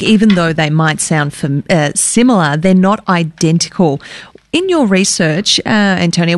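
A woman's voice: fairly low pitch, dry recording. Chatty woman radio host. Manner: chatty and playful. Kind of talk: radio chat and interviewing.

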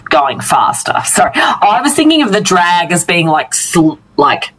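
A woman's voice: on the low side, big pitch swings, unhurried, a bit bright, slightly rough, rough recording. A woman co-hosting a radio show over a remote call, playful and thinking aloud. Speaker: radio co-host. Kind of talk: casual radio chat.

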